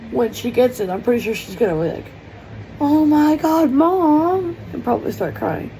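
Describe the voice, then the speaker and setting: A woman's voice: medium pitch, creaky, warm tone, a little hiss or hum, low-quality recording. A woman talking in a heartfelt, tearful personal vlog, rambling with many fillers as she speaks from her kitchen. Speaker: vlogger. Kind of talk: emotional personal vlog monologue. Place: home kitchen.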